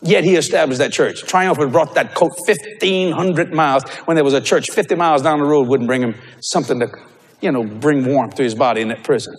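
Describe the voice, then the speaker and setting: A man preaching a sermon, telling stories with animated delivery and bursts of shouting. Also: fairly high pitch, fairly quick. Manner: animated storytelling, breaks into shouts.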